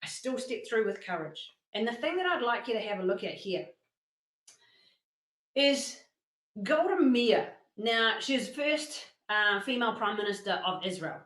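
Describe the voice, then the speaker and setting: Lady giving a motivational workshop talk, fairly high voice, roomy echo, tells stories with lots of energy. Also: normal speed. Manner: animated storytelling with acted-out quotes. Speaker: workshop presenter.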